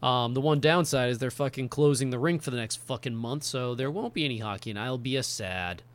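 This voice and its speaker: A man's voice: medium pitch, a little fast. Rambling man in casual podcast chat. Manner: rambling, filler-heavy, laughs often. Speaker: podcast co-host.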